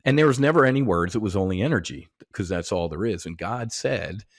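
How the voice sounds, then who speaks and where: A middle-aged American man, a podcast guest, telling stories in casual, profane, animated talk full of slang and restarts. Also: lowish voice, fairly quick, no room sound, studio quality. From United States. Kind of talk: casual conversation.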